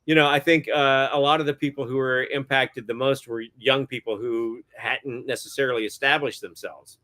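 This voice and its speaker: A middle-aged man speaks as an interview guest, moving through his stories with plenty of hesitant fillers. His voice sits at an ordinary pitch, and his tone stays casual and chatty. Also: steady tone, moderate pace, pushed and bright. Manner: rambling, many hesitant fillers, chuckles often. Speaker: guest cinematographer.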